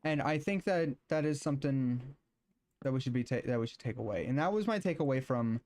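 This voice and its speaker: A man streaming, talking casually and then reading scripture aloud in a halting way, with many filler sounds and restarts. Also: mid-range voice, lively intonation, a little mellow.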